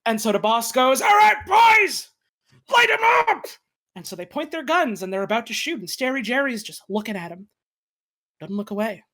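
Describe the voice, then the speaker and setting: A woman improvising a comedic story as a player, bursting into shouted character voices. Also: medium pitch, animated, brisk.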